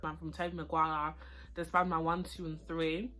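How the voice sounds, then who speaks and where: A woman's voice: low voice, moderate pace. A young woman, chatting casually while eating and reviewing food and a film. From United Kingdom. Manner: chatty, excitable, slangy, eating while talking. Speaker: vlogger. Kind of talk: casual mukbang chat and review.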